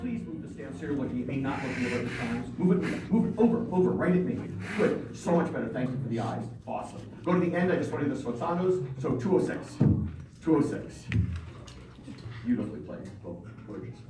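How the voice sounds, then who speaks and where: A man leading a band rehearsal, brisk and encouraging, singing rhythms aloud between instructions. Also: mid-range voice, lively intonation. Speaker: band conductor. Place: large rehearsal hall with a band. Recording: roomy, distant, noisy rehearsal recording.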